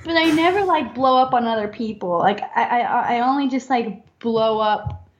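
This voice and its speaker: A woman chatting casually with a slightly high voice, giggling often as she rambles. The recording sounds dull and lo-fi. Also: normal speed. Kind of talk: casual chat.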